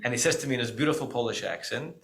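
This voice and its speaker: A middle-aged American rabbi gives a Shabbat teaching in a bright, forceful voice at a middle pitch. He talks conversationally, often stopping to check in with "right?" and correcting himself mid-sentence. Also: rapid-fire, creaky, low-quality recording. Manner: conversational, frequent "right?" asides and self-corrections.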